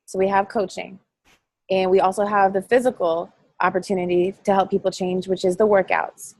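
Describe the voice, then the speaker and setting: A woman giving a chatty, excitable motivational talk to her coaching team over a call, rambling and quick to laugh. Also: mid-range voice, dry recording. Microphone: phone or call line.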